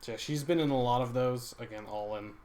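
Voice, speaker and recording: A woman's voice: a bass voice, a little fast, a crowd in the background. A woman co-hosting a casual chat, speaking hesitantly with many restarts. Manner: hesitant, full of fillers and restarts. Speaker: co-host.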